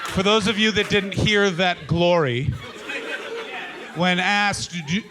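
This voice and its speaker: A man doing stand-up crowd work, teasing the audience in a brash, profane, rapid-fire way. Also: sits high, background noise. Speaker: stand-up comedian. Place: comedy club stage before a live audience. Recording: live club recording with crowd laughter. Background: audience laughter.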